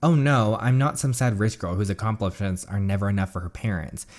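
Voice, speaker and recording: A driven, proud teenage schoolgirl from a story game, read by a man in his own lowish voice. The reading is plain and steady, with little put-on character. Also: a little fast, natural voice. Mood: earnest. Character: ambitious teenage girl student, proud.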